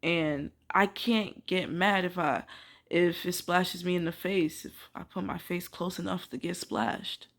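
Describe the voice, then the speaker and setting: A young woman ranting casually to camera, filling her talk with "like" and swearing, swinging from quiet musing to loud disbelief. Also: lowish voice, measured pace. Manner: emphatic, swears, many filler "like"s. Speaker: vlogger.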